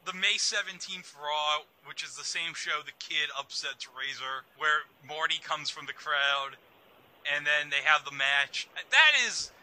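Male co-host, very bright high voice, dry sound, rambling. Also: fairly even intonation, unhurried, rough recording. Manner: eager, rambling with fillers. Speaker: wrestling podcast co-host. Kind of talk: casual chat.

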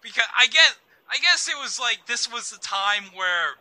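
A man's voice: very high-pitched, animated, moderate pace, pushed and bright, no echo, low-quality recording. A man co-hosting a casual wrestling talk show, eager and rambling. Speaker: wrestling podcast co-host. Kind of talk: casual chat.

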